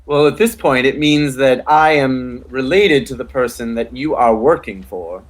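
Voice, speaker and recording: Man, tabletop role-play, in character, cocky, matter-of-fact, mid pitch. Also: measured pace. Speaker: player.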